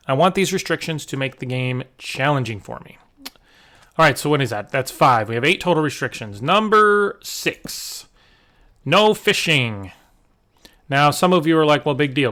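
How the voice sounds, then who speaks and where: Male gaming host, mid-pitch, casual rambling commentary over gameplay. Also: a bit bright. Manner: chatty, rambling with fillers and restarts. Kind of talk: casual let's-play commentary.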